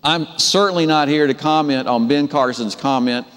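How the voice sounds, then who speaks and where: A man preaching a sermon, telling the story with animated delivery and acting out the characters' voices. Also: fairly high pitch, moderate pace, big-room sound. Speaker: pastor.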